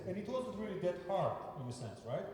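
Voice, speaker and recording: A man's voice: sits high, big pitch swings, brisk. A man teaching a piano lesson, patiently repeating short prompts to his student. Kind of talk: remote piano masterclass coaching. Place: room with a piano. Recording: echoey hall, mic far off, loud piano. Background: piano playing.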